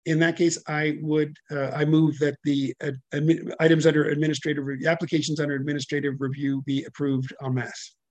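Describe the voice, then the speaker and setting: Male meeting chair, slightly high voice, dry close sound, stumbling and hesitant on a video call. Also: flat delivery, dry recording. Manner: halting, many fillers, self-correcting. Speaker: commission chair. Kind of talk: public hearing chairing.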